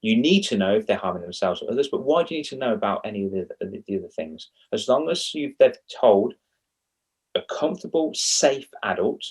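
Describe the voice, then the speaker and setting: Male guest, kids' confidence coach, husky and lowish, rambling and animated in casual chat. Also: fairly quick. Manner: animated and rambling, with self-mocking asides.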